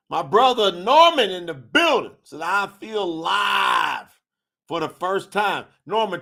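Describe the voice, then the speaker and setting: Man with a high voice, animated livestream host, preacher-like. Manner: animated, preacher-like, shouts at times. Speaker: religious talk host. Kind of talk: livestream talk reading chat comments.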